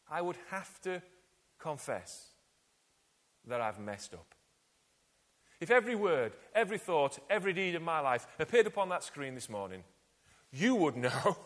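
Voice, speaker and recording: Animated male preacher in a reverberant hall. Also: a little high. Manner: animated, rhetorical questions, dramatic emphasis. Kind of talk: sermon.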